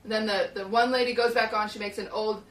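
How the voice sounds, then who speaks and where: A woman's voice: medium pitch, fairly even intonation, a little fast. A young woman streamer casually retelling a story in a rambling way, with lots of fillers, in a small hot shed. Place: small hot shed used as a podcast studio. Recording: roomy, distant mic.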